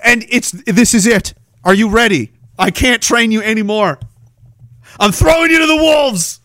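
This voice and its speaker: A man hosting a podcast, ranting loudly and profanely with a taunting delivery. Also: extremely high pitch, a little slow, dry recording. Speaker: podcast host.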